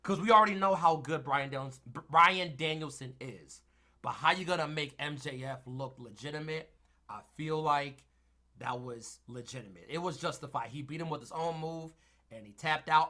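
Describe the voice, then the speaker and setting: A man co-hosting a podcast, recapping in casual chat and swinging between loud excited bursts and low mumbles, winded from talking. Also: moderate pace. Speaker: podcast co-host.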